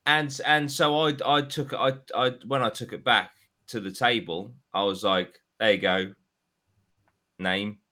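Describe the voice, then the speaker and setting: A man, a podcast co-host, telling a story in casual chat, animated and swearing freely. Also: mid-range voice, moderate pace.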